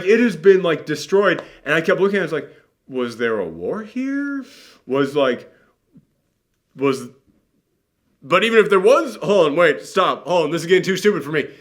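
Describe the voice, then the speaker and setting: A man's voice: on the high side, very animated, measured pace, fairly bright tone. A man hosting a casual movie reaction chat, ranting sarcastically with lots of fillers.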